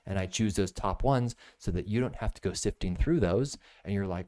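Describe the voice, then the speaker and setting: An American man in his thirties hosting a live product-review stream, jokey and animated, jumping between loud bursts and soft asides. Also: deep voice, normal speed, few pauses. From United States. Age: 30s.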